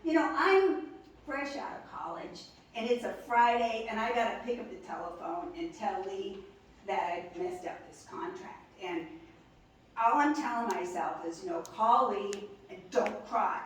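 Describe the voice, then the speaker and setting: A woman's voice: mid-range voice, expressive, moderate pace, slight background noise. A woman in her sixties telling a personal story to a gathering, chatty and laughing as she talks. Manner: chatty, laughs through the story, many "you know"s. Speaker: speaker at a memorial gathering. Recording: echoey hall, mic from far off.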